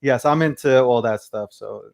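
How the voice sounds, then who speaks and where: A man's voice: mid-range voice, moderate pace, creaky. A man in casual livestream chat, brash and joking, swearing freely. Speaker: crypto personality guest.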